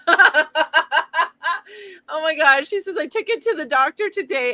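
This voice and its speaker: Chatty lady host reading viewer comments on a live stream, bright highish voice, laughs a lot. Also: lively intonation, slow, no room sound. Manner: chatty, rambling, laughs easily.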